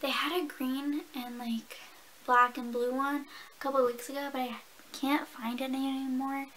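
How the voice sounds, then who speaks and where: A woman's voice: high-pitched, flat delivery, normal speed, a bit bright, slight background noise, rough recording. A young woman casually telling stories and chatting while doing her makeup, swearing and laughing often. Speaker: beauty vlogger. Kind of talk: casual get-ready-with-me chat.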